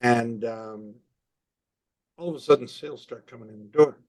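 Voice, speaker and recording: A man in his sixties, a marketing consultant, telling animated stories with quoted dialogue in a podcast interview. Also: medium pitch, moderate pace.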